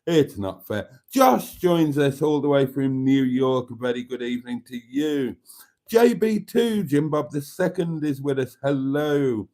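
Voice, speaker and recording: A man's voice: mid-range voice, animated, unhurried, dark tone. Chatty man with a Brummie accent. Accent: Birmingham. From Wales. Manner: chatty and jokey, clears his throat often. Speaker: livestream host. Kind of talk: casual livestream chat reading viewer comments.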